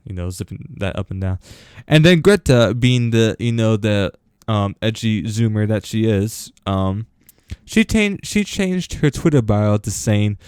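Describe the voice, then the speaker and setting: A man's voice: on the low side, expressive, measured pace, a little mellow, clear, resonant tone, dry recording, clean studio sound. Rambling teenage boy ranting. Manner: rambling, filler-heavy, sarcastic. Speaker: host. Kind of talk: casual rant vlog.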